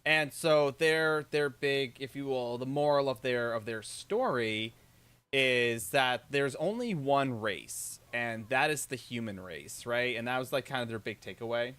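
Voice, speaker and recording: A man's voice: medium pitch, measured pace, a bit bright, clear, resonant tone. A man with a New England accent, co-hosting a stream, telling rambling stories and teasing dryly. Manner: rambling storyteller, dry teasing. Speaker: stream co-host. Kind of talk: casual stream chat.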